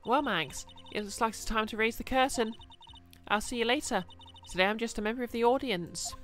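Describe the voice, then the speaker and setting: A man voicing a naive, chirpy young girl in a video game, with a high giggly voice. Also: brisk, a bit bright, soft background music.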